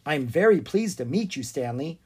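A storybook reader voicing a bold, brisk young girl who takes charge. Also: mid-range voice, big pitch swings, a little mellow, slightly rough. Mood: commanding. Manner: brisk, commanding. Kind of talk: storybook read-aloud.

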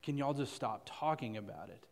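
A man's voice: mid-range voice, animated, moderate pace, vocal fry. Guy acting out a pleading southern teen girl in church, y'all this y'all that, long echo in the hall. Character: upset Southern teenage Christian girl.

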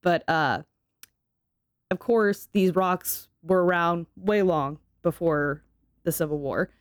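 A woman co-hosting a podcast in a casual, chatty way, quick to laugh and to swear. Her voice sits low, and the sound is dry and close to the mic. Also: smooth, no echo. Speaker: podcast co-host. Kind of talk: casual chat.

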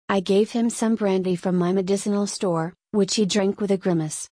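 A woman narrating a gothic story in a measured, dramatic way. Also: mid-range voice, steady tone, warm tone, breathy edge, dry recording. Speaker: audiobook narrator. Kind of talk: scripted narration of a gothic tale.

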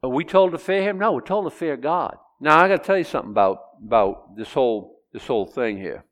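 A middle-aged man preaching a sermon in an animated, expressive way, his pitch leaping up and down as he acts out scenes and throws questions at the congregation. His voice carries a long reverb from a large church hall. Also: brisk. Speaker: pastor. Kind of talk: expository sermon.

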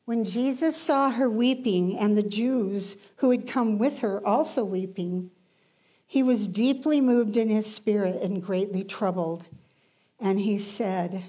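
A woman preaching a sermon, emphatic, rising in intensity and then dropping to hushed lines. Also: medium pitch, unhurried, slightly rough.

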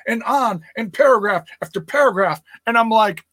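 A man hosting his own podcast, talking in a loose, ranting way and swearing freely. His voice sits a little high and sounds bright and forceful. The sound is dry and close, with no room around it. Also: animated, moderate pace, hardly any pauses, no echo. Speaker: podcast host. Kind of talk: casual solo podcast rant.

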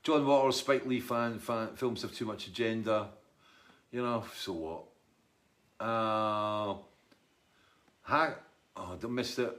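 Chatty Scottish man, fairly low voice. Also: takes it slowly, long pauses, fairly bright tone. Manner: rambling, chatty, wry. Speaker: musician answering viewer comments. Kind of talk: casual live chat reading comments.

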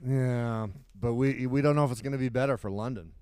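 A middle-aged man co-hosting a casual podcast chat, animated and rambling, with lots of restarts. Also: medium pitch, brisk, clean tone, no room sound. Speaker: podcast co-host.

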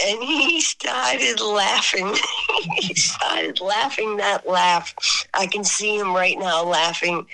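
Bright-voiced woman, laughing rock singer. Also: medium pitch, slow pace, gravelly, poor audio. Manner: laughs often, animated and rambling. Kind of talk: storytelling in a casual interview.

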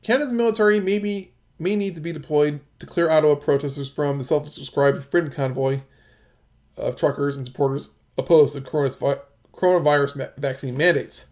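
A man with a somewhat high voice reads news articles aloud and breaks off into his own comments. His delivery is halting, full of fillers and restarts. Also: fairly even intonation, a little mellow.

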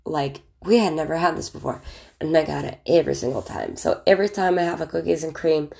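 A woman's voice: sits low, expressive, quick pace, vocal fry, dark tone. A woman in her thirties casually telling childhood stories, chatty and candid, with lots of fillers. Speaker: vlogger. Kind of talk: casual storytelling, recalling childhood.

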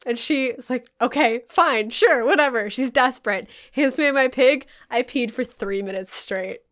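A woman with a fairly high voice hosts a casual podcast chat and tells stories in an animated way. She swears freely, and her pitch leaps when she gets excited. Her throat sounds a little sore. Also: normal speed. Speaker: podcast host.

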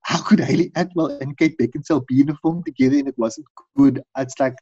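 A middle-aged man in casual chat, telling long rambling stories and acting out quotes in high voices. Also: fast, creaky, dark tone, slightly rough, no room sound. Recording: dull dry recording.

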